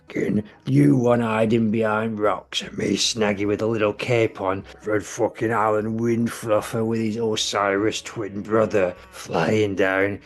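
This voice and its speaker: A man hosting a comedy podcast, narrating improvised role-play in a sweary, rambling way. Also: fairly low pitch.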